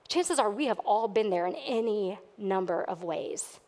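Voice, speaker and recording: A woman's voice: mid-range voice, animated, unhurried, few pauses, darkish tone, big-room sound. A woman pastor preaching a sermon to her church, earnest and at times emphatic. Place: church sanctuary.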